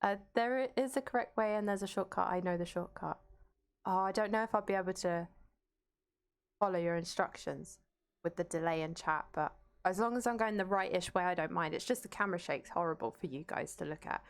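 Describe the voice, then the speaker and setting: A woman's voice: lowish voice, brisk, gravelly. A young woman streaming a game live, chatting casually with her viewers, laughing and swearing as she plays from home. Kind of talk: casual live gameplay commentary.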